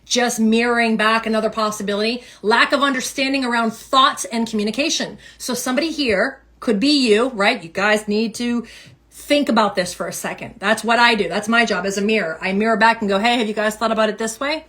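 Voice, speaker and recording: Animated woman giving a tarot reading. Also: on the high side, brisk. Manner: animated, emphatic, repeats phrases. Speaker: tarot reader. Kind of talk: casual tarot reading livestream.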